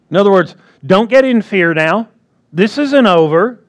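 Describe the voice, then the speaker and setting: A man's voice: sits high, lively intonation, a little slow. A man preaching a sermon in a conversational way, often checking in with the congregation. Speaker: pastor.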